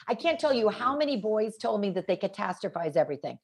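A woman's voice: on the high side, normal speed, few pauses, slightly rough. A woman guest talking about raising boys, telling stories and quoting the kids she interviewed. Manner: energetic storyteller quoting kids and parents. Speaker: guest author on parenting. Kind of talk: animated podcast interview.

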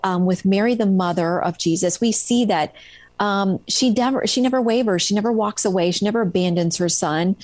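A woman's voice: mid-range voice, no room sound. Earnest woman author retelling stories. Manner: earnest, animated retelling with many fillers. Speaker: guest author. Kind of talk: conversational storytelling interview.

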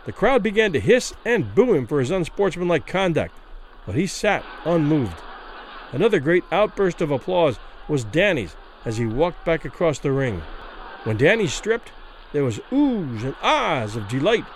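Expressive male storyteller with a lively voice. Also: a little high, moderate pace, a little hiss or hum, rough recording. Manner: vivid, expressive narration. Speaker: narrator. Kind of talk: dramatic story reading.

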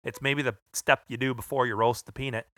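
A man's voice: medium pitch, steady tone, fairly quick, pushed and bright, no echo, clean studio sound. A man co-hosting a podcast, chatting and telling a wisecracking anecdote. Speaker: podcast co-host. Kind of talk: casual chat.

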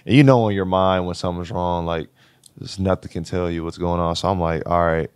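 Young man, deep even monotone, laid-back slangy storyteller, interview guest. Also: a little fast, clear, resonant tone, no echo. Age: 20s. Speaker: college basketball player, guest.

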